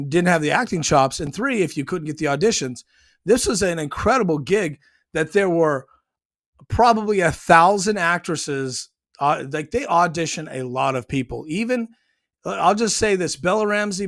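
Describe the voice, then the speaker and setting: A man's voice: on the high side, fairly bright tone. A man hosting his own show, reviewing a TV episode in a rambling casual way with many ums and restarts. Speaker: show host.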